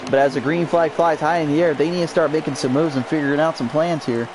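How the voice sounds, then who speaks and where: Young man, play-by-play race caller, higher voice, over a noisy stream mix. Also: fast talker. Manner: energetic, jumps high on crashes. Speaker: race commentator. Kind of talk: excitable sim racing play-by-play. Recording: noisy amateur stream audio.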